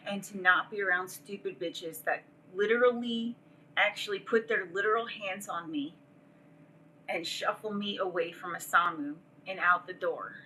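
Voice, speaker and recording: A woman's voice: lowish voice, sharp tone, slight background noise, rough recording. A woman hosting a livestream, ranting casually in a profane, rambling way and laughing often. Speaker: livestream host.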